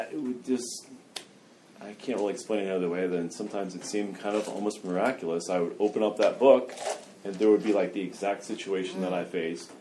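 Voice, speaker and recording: A man's voice: on the low side, a little mellow, slight background noise. Candid man telling a personal story. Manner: loose and conversational, self-mocking humor, many "like" fillers. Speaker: person sharing his recovery story.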